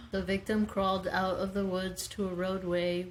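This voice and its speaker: A woman's voice: mid-range voice, level tone, unhurried, rough recording. A woman in her twenties co-hosting a podcast, reading out a true-crime case with joking asides. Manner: reads notes with joking asides. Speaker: podcast co-host.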